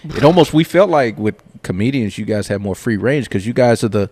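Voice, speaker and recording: A man's voice: fairly low pitch, lively intonation, brisk, darkish tone. A man in casual podcast chat who speaks bluntly and with emphasis.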